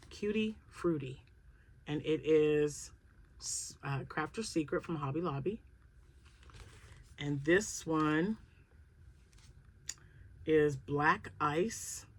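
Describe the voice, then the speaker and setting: A woman hosting a crochet channel, chatting casually and thinking aloud as she excitedly unboxes yarn. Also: low-pitched.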